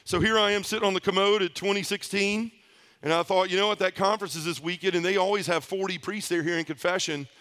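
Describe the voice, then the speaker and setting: Middle-aged man from around Memphis, high bright voice, lively testimony-style storyteller. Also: quick pace. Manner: animated storyteller acting out voices. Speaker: conference speaker.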